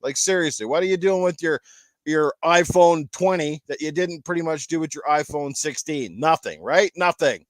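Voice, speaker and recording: A man's voice: fairly high pitch, moderate pace, dry recording, clean studio sound. A Canadian man hosting a casual gaming podcast panel, rambling into joking rants. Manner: rambling, jokey ranting. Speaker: podcast host.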